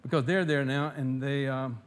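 A man preaching a sermon to his congregation. He swells loud and emphatic when reading scripture and drops to soft asides, often restarting and repeating words. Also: mid-range voice, steady tone, normal speed, clear, resonant tone. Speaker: pastor.

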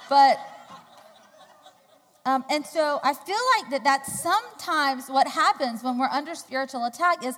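A woman giving a sermon, telling a personal story in a chatty, animated way with loud, high quoted outbursts. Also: measured pace. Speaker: church speaker. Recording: long hall reverb.

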